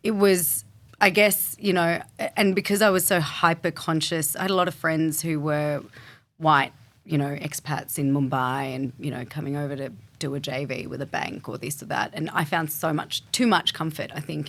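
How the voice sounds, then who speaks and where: A low-pitched woman with an Australian accent, speaking as an interview guest. She talks candidly and reflectively, her thoughts flowing in long runs with "you know" and "um" woven through. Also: fairly even intonation, moderate pace, a bit bright. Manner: thoughtful, candid, fluid with frequent fillers.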